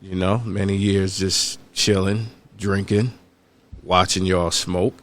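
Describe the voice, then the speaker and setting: A man's voice: low voice, slow. A man co-owning a cigar lounge, chatting casually and telling stories in a laid-back way. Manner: relaxed, laid-back storytelling. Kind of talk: casual chat.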